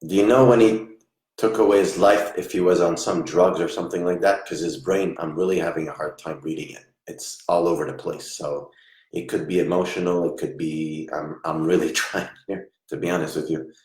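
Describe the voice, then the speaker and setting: A man working as a psychic medium during a live reading, talking in a soft, halting way and murmuring reassurances. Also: deep voice, fairly even intonation, reverberant.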